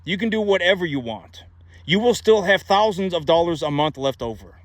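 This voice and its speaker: A man's voice: high-pitched, lively intonation, fairly quick, no room sound. A man giving money advice in a casual, emphatic monologue, repeating himself and asking rhetorical questions. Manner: repetitive, emphatic, many rhetorical "right?" asides.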